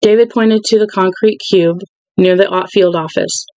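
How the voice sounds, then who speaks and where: An audiobook reader narrating a novel in an even, unhurried way, with a middle pitch. The recording is dry and close, with no room sound. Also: no echo, poor audio. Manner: even, unhurried reading with occasional restarts. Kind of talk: reading a novel aloud.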